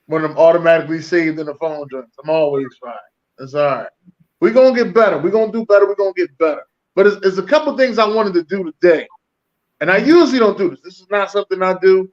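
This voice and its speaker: A man's voice: high voice, quick pace, highs cut off. A man co-hosting a podcast in casual chat, laid-back and easygoing, often repeating his phrases. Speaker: podcast co-host.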